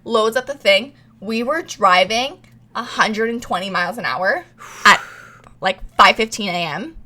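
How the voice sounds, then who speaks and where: With a mid-range voice and a measured pace, this young podcast co-host narrates a story in an animated way. She swears a lot and voices each person's words as she goes on the casual show.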